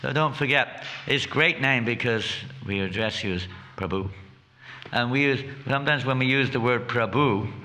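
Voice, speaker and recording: A man's voice: medium pitch, moderate pace, pushed and bright, a little hiss or hum. A man giving a scripture class at a temple, chatty and joking, who keeps asking his audience questions.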